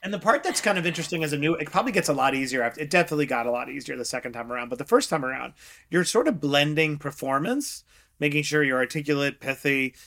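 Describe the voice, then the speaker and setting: A middle-aged man, a guest investor, chatting in an interview, telling lively stories and acting out quotes with frequent laughs. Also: a little high, fast. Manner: animated storyteller, acts out quotes, laughs often. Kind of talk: casual interview chat.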